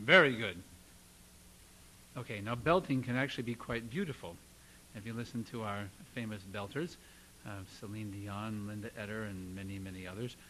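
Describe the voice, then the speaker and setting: A man teaching a belting lesson, energetic and calling out exercises to demonstrate. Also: on the low side, a little fast, slight background noise, poor audio. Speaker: singing teacher. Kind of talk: vocal coaching lesson.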